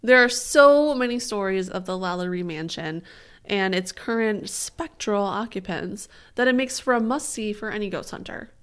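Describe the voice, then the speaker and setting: A woman's voice: mid-range voice, moderate pace, clean tone. Sarcastic, swearing woman co-host. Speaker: podcast co-host. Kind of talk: casual chat.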